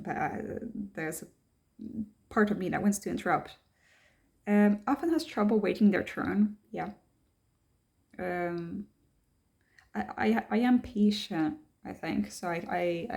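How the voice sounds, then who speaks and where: A woman's voice: lowish voice, vocal fry, a little mellow. A young woman talking casually to camera, hesitant and thoughtful, reading checklist items aloud and then answering them herself. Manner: thoughtful, hesitant, many ums and restarts. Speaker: vlogger.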